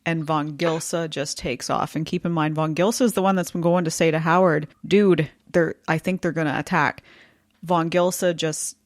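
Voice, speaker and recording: A woman's voice: low voice, no echo, studio quality. A woman co-hosting a casual history podcast, chatty and laughing easily as she explains events. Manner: chatty, laughing, reads quotes aloud. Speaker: podcast co-host.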